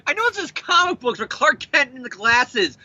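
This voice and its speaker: A man's voice: very high-pitched, sing-song, normal speed, pushed and bright, lo-fi sound. A man co-hosting a comic book podcast, ranting in a profane, jokey way about the story. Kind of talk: casual comic review chat.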